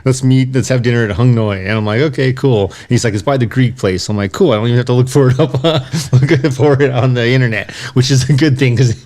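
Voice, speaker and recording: A man co-hosting a podcast in easy, joking chat. He tells a quick story in a loose, playful way. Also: mid-range voice, darkish tone. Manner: joking, laughs easily. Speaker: podcast co-host. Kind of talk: casual chat.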